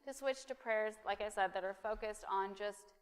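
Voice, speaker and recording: A woman giving an informal sermon, chatty with many fillers, then softly counting a congregation through a breathing exercise in church. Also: mid-range voice, normal speed, clear, resonant tone. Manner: soft counting during breathing. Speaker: preacher. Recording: reverberant church hall.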